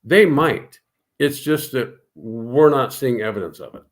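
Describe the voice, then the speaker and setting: A man with a mid-range voice co-hosting a casual sports talk show. He builds his argument in a steady, measured way and drives it home with short, firm sentences. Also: medium pitch. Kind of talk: casual sports radio chat.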